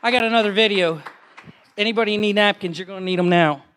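Brief: male preacher, high voice, impassioned sermon, swells into shouting in church. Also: quick pace, slight background noise. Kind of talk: sermon testimony.

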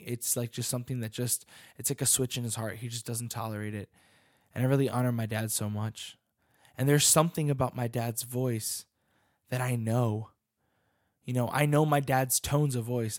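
A man's voice: mid-range voice, darkish tone, no echo, studio quality. A young man giving an earnest sermon as a youth pastor and worship leader, often restarting his sentences as he searches for words.

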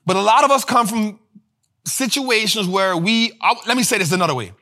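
High bright-voiced man, animated commentary. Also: a little fast. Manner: animated, repeats lines for emphasis, slangy. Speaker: finance show host. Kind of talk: energetic casual commentary.

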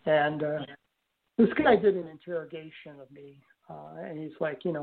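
An older man telling a personal story in an interview, speaking haltingly with frequent restarts and fillers. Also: a little high, vocal fry. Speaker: guest recounting an experience. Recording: tinny phone-line audio.

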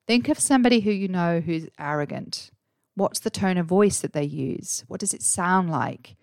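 A woman's voice: lowish voice, animated, moderate pace, gravelly, no room sound. A woman hosting a podcast and coaching her listeners, earnest and full of rhetorical questions. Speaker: podcast host and career coach. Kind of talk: solo podcast advice talk.

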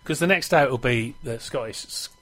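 A man's voice: mid-range voice, animated, moderate pace, crowd noise. A man hosting a football talk show, chatting casually and reading listener emails aloud with a laugh in his voice. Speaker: radio show host. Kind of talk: casual studio chat.

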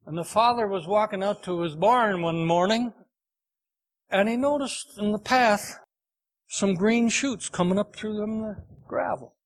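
A man preaching a sermon, telling a folksy farm story in an unhurried, homespun way. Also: sits high.

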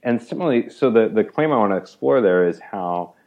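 A man appears as a guest in a conversational interview, animatedly retelling a parable, performing its characters' lines and using "like" often. His voice is on the low side and fairly quick, and the recording sounds muffled.

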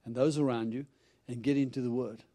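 A man's voice: medium pitch, a little fast. A man preaching to a congregation, telling stories with acted-out quotes and frequent laughter. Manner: animated storyteller, acts out quotes, laughs often. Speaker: itinerant preacher. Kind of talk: storytelling sermon.

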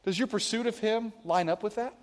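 A man's voice: high voice, a little fast. A male pastor giving a conversational sermon, asking his congregation questions, in a church venue. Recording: long hall reverb.

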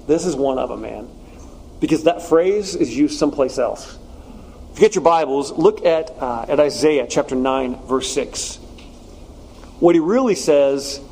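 A man's voice: a little high, dark tone, slight background noise, poor audio. A man preaching a casual sermon to a congregation, speaking conversationally with slangy asides. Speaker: pastor.

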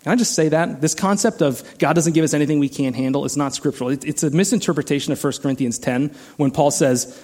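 Male pastor, sermon, earnest, chatty preaching, slightly higher voice. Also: fast talker, a little mellow. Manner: earnest, conversational preaching with frequent "like" and repeated words.

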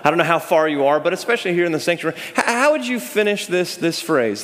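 Man, pastor, sermon, high-pitched voice, animated rises and low slow drops, long hall reverb. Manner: asks the congregation to call out answers. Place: church sanctuary.

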